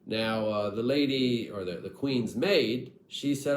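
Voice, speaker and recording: A man's voice: medium pitch, takes it slowly, roomy sound, slight background noise, rough recording. A man telling a comic folk tale with wry, irreverent asides to his audience. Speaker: storyteller.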